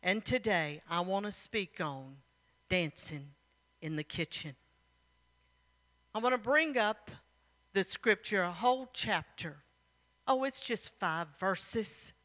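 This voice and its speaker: A woman preacher tells a story at a slow, deliberate pace, then turns to fervent exhortation of her congregation. Her voice is bright and clear. A long reverb from the church hall hangs around every phrase. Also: medium pitch, expressive. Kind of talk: sermon.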